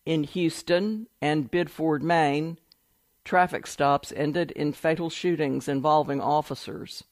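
A man reads a news report aloud in a steady, measured voice that sits a little high for a man. The sound is close and dry, with no room around it. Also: dry recording. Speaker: news article reader.

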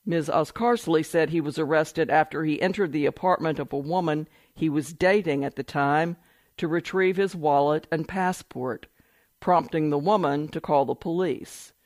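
A man's voice: on the high side, no room sound. Man reading a news report, dry sound. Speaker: news article reader. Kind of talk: read-aloud news report.

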